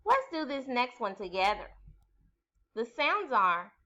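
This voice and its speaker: Slow, lively teacher woman, bright voice. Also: fairly high pitch. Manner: patient, sounds out each letter slowly. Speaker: first grade teacher. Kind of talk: slow, clearly articulated classroom instruction.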